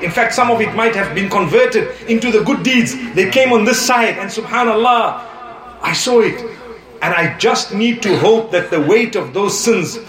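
A man with a high voice delivers a sermon in an echoey hall. He talks in an animated, humorous way, telling stories and mixing in Arabic phrases. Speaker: preacher. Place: lecture hall on tour.

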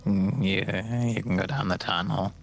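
Brief: man doing a meek little goblin, hesitant, whispery, gravelly and low. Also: steady tone, a little slow, faint music behind. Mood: shy. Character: small timid male goblin in big hood.

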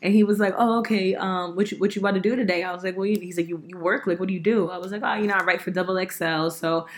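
A young woman telling a story in casual podcast chat, animated, laughing often and swearing freely, a little sick. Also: fairly low pitch, quick pace. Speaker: podcast host.

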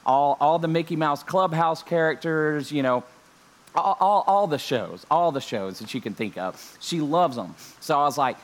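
A young male pastor preaches with a joking, lively delivery and a slightly higher voice, tossing in amens as he opens an online service from home. His talk is casual and full of asides. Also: moderate pace. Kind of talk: online church sermon intro. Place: home during lockdown.

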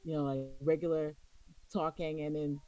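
A woman's voice: low voice, flat delivery, moderate pace, dark tone, slight background noise, rough recording. A woman from New York with a New York accent, co-hosting a podcast in a casual, opinionated way, emphatic and lecturing, often checking in with "okay?". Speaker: podcast co-host.

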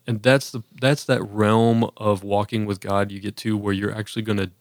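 A man's voice: lowish voice, little pitch movement, normal speed, no echo, clean studio sound. A man in casual conversation on a podcast, talking earnestly about faith with lots of fillers and restarts. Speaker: podcast co-host.

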